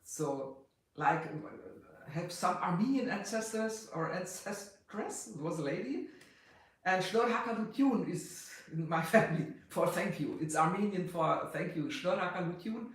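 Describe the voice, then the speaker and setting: A middle-aged person from West Germany with a German accent tinged with Austrian, chatting casually on a livestream, halting and full of fillers, greeting viewers in several languages. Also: mid-range voice, lively intonation. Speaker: livestream host. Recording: very echoey room.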